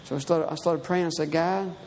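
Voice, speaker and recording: A man's voice: fairly high pitch, fairly even intonation, brisk, a little mellow. Male preacher, conversational storyteller rising to emphatic peaks; reverberant hall, faint room noise. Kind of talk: sermon.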